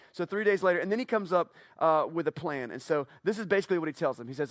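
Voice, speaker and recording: A man preaching a casual sermon, retelling a Bible story playfully and acting out the characters in quick asides. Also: a little high, expressive, no room sound, studio quality. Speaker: pastor. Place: church.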